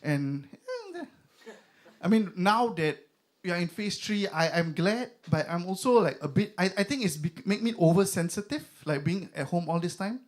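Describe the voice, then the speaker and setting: A man's voice: sits high, expressive, normal speed. A young man with a Singaporean accent performing a stand-up comedy set, chatty and loose, with lots of fillers. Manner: conversational, filler-heavy, mock voices for bits.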